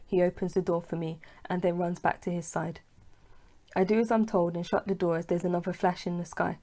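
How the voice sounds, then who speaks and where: A woman reads her own novel aloud in an audiobook. She tells it in the first person at an easy, unhurried pace. Her voice sits low and sounds dark and mellow. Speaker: author and narrator. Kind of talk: audiobook reading.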